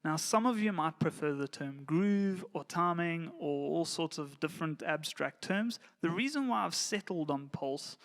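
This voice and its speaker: A man giving a relaxed, plain-spoken lesson to church volunteer musicians, now and then counting beats aloud. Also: on the high side, moderate pace, few pauses. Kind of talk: casual instructional talk.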